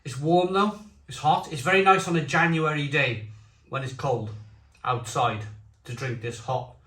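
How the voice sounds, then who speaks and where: A man's voice: on the high side, measured pace, bright, forceful tone. A man reviewing beers in a casual, rambling chat to camera, stumbling over restarts. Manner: chatty and rambling, with stammered restarts. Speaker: beer reviewer. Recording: echoey room.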